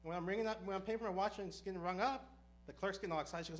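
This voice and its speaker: Guy doing standup, quick deadpan delivery, pretty high voice. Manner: deadpan punchlines, brisk storytelling. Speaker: stand-up comedian. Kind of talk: stand-up comedy set.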